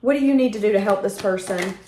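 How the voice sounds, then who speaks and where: A woman's voice: mid-range voice, fast, warm tone, a little hiss or hum. Candid tarot-reading woman, roomy echo. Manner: candid and emphatic, with occasional swearing. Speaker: tarot reader. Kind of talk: intuitive tarot reading monologue.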